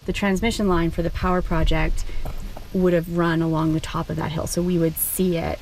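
A woman rancher talks casually in a lowish voice while showing someone around outdoors. A vehicle hums clearly in the background of this field recording. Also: level tone, normal speed, darkish tone, a little hiss or hum, poor audio. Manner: chatty, pointing things out as she goes. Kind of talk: casual chat on a guided tour.

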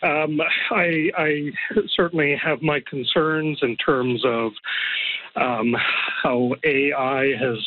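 Hesitant man on a tinny phone line. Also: medium pitch. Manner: hesitant, many fillers. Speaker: caller. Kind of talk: radio call-in chat.

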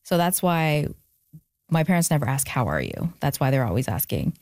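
A young adult woman, an author appearing as a guest, speaks candidly and reflectively about her family in a personal interview. Her voice is deep and a little mellow, with lively intonation at a moderate pace. She gets emotional and laughs it off, and the dry recording has studio quality.

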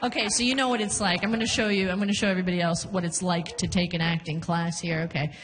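A woman performing a stand-up comedy set on a club stage, animated and laughing through her punchlines. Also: fairly low pitch, fast talker, long reverb tail, a little hiss or hum.

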